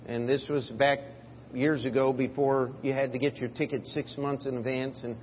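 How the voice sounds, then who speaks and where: A man preaching a sermon in a church, telling a story and moving between quiet, drawn-out phrases and loud, emphatic bursts. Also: medium pitch, little pitch movement, a little hiss or hum. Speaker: pastor. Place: church sanctuary. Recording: dull audio in a reverberant hall.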